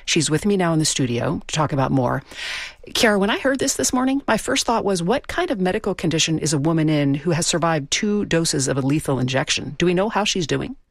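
Fast gravelly news host. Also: medium pitch, big pitch swings, no room sound, clean studio sound. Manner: brisk, direct questions. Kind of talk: radio news interview.

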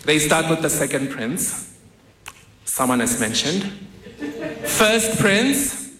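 A man's voice: fairly high pitch, unhurried. Man telling a wry story. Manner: vivid, wry, self-deprecating storytelling. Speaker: speaker. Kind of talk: personal storytelling talk. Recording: roomy hall echo.

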